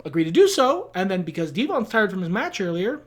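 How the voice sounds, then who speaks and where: A man's voice: high-pitched, brisk. A young man co-hosting a casual comedic chat who recaps a wrestling booking game, laughing often and swearing freely. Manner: animated, swearing, laughs often, acts out quotes.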